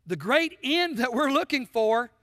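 A man's voice: very high voice, sing-song, unhurried, bright, forceful tone, no room sound, studio quality, long reverb tail. A man preaching a sermon, emphatic and full of rhetorical questions to the congregation. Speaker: pastor.

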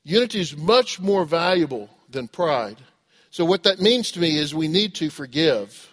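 A middle-aged man preaching a sermon, with a voice pitched a little high for a man. He asks his listeners rhetorical questions and acts out the voices of the people he quotes. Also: animated, normal speed, fairly bright tone. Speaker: pastor.

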